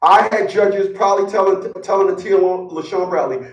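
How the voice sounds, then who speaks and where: A man's voice: high voice, normal speed, reverberant, distant mic, lo-fi sound. A man giving blunt, boastful relationship advice in a casual, profane rant, often repeating words as he gets worked up. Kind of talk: casual ranting monologue.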